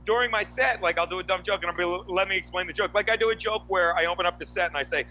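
A man hosting a podcast, telling animated stories in casual chat with lots of asides. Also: high voice, fast, a little hiss or hum, poor audio. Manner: animated storytelling, frequent asides. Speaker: podcast host.

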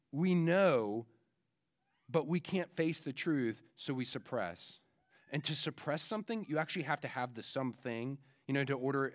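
A pastor preaching a conversational sermon in a casual way, with frequent fillers and restarts. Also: male voice, mid-range voice.

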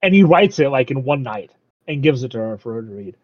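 A man's voice: mid-range voice, sing-song, no echo. Man, casual recap, laughs often, acts out quotes, dry close sound, lo-fi. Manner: laughs often, acts out the characters' lines in quick asides. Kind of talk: casual chat recapping an anime. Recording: dull lo-fi dry recording.

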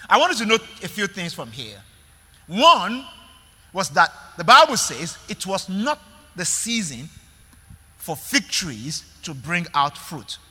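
A man's voice: sits high, big pitch swings, a little slow, pushed and bright, slightly rough, long reverb tail. A male pastor preaching a sermon in an emphatic way, repeating words and calling out to the congregation.

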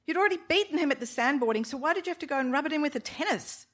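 A woman's voice: medium pitch, unhurried, a bit bright. A woman reading a novel aloud, voicing a pregnant young wife who speaks with a scornful, exasperated edge.

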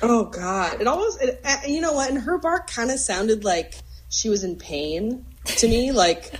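A woman's voice: fairly high pitch, animated, a little slow, slight background noise, low-quality recording. A woman guest on a podcast, musing in casual chat with many fillers and restarts. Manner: thoughtful, hesitant, many fillers and restarts, laughs easily.

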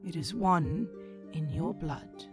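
A woman's voice: lowish voice, takes it slowly, music in the background, pitched below the performer's own voice. A woman voicing a tender, kind goddess. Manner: soft, calm and reassuring. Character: gentle, tender female goddess, ever-changing and kind. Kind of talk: tabletop role-play voicing.

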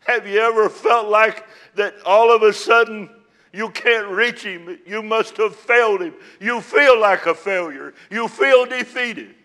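Male pastor, sermon, high pitch, slow delivery, hushed to fervent. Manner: swings from hushed to loud and fervent.

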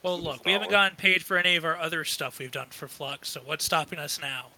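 A man's voice: fairly high pitch, gravelly, pushed and bright, rough recording. A man playing a tabletop role-playing game, joking around and filling in his group. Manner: joking, quick to laugh. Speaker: player. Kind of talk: tabletop role-play banter.

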